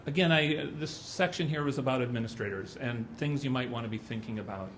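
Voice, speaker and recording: A man's voice: mid-range voice, fairly quick, a little hiss or hum. A middle-aged man speaking at a symposium, telling anecdotes in a loose, conversational way. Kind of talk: conference talk.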